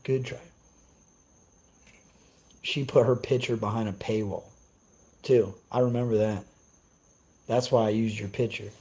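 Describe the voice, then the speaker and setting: A man's voice: fairly low pitch, steady tone, a little slow, long pauses, dark tone, rough recording. A young man on a casual live stream, ranting brashly and cursing as he answers his chat. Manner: profane, brash, trash-talking.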